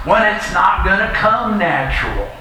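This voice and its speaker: A man's voice: high-pitched, sing-song, a little slow, bright, forceful tone, soft background music. A middle-aged man preaching a sermon in a church, folksy and conversational with personal asides. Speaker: pastor. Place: church sanctuary. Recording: echoey church hall, faint ambience.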